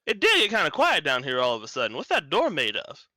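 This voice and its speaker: A man voicing a brash, loud, blustery man in a tabletop game. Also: a little high, wildly swooping pitch, fast talker, dry recording, clean studio sound, pitched above the performer's own voice, full character voice. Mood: curious. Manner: blustery, defensive, casual.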